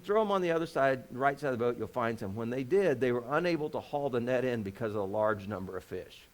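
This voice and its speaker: Folksy joking man preaching a sermon. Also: a little high. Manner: folksy, joking, full of rhetorical questions. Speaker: pastor. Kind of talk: conversational sermon.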